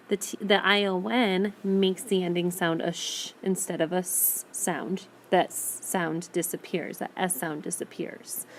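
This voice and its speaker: Woman teacher slowly sounding out words. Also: mid-range voice, a little hiss or hum. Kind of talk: recorded phonics lesson. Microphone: tablet screencast microphone.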